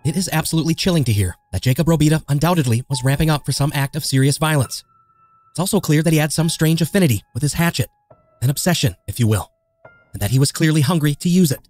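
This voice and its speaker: A man's voice: a little high, quick pace, darkish tone. A man narrating a true crime story in a grave, scripted way. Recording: faint music underneath.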